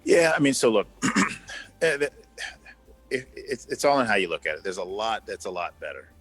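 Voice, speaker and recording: Low-ish voiced guy in his 50s on a video call, earnest, repeats himself for emphasis, faint music behind. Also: big pitch swings, moderate pace, a bit bright, breathy edge. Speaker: guest, former executive. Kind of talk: conversational interview.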